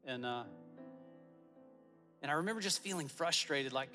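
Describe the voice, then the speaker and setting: Bright-voiced male pastor preaching in a hall. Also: a little high, expressive, normal speed, faint music behind. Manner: personal storytelling, earnest and warm-hearted with soft asides. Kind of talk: sermon. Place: church auditorium.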